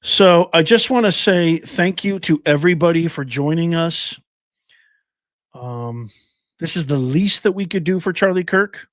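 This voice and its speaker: Older man, livestream host, earnest and choked up, fairly high voice, dry close sound. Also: animated, unhurried, no room sound. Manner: thanks viewers by name, emotional and earnest. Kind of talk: casual livestream sign-off.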